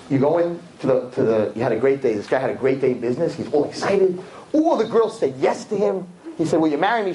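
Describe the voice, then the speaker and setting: A man teaching a religious lesson to a class, telling stories with lively acted-out voices and sudden pitch jumps. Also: slight background noise, poor audio. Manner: lively storytelling, jumps high in pitch, acts out characters. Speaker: rabbi teacher. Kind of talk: animated classroom lecture.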